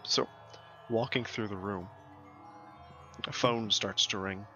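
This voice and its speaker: A man's voice: on the low side, fairly even intonation, slow, sharp tone. A man narrating as game master in a tabletop game over a voice call, describing scenes with loose fillers. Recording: dull lo-fi voice-call audio with faint music.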